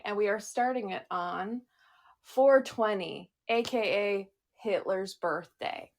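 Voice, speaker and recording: A young adult woman co-hosting a podcast, chatting casually with playful, excitable storytelling. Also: mid-range voice, takes it slowly. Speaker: podcast co-host. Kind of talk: casual chat.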